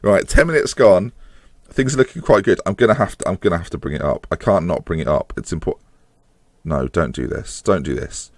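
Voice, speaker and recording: A man giving excitable live commentary while playing a football management game, groaning and swearing at the match, his voice climbing higher as chances come near. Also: brisk, no echo. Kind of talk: live let's-play commentary.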